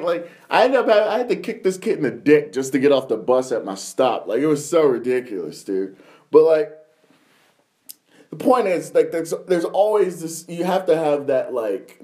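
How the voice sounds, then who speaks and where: A young man with a slightly high voice hosts a casual podcast chat. He rambles through profane anecdotes and laughs often as he talks. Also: a little mellow. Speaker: podcast host.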